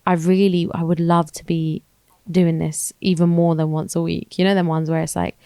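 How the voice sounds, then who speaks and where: A woman's voice: fairly low pitch, little pitch movement, normal speed, warm tone, clear, resonant tone, dry recording, clean studio sound. A woman co-hosting a podcast, chatting casually and rambling as she thinks aloud. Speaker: podcast co-host. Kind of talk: casual chat.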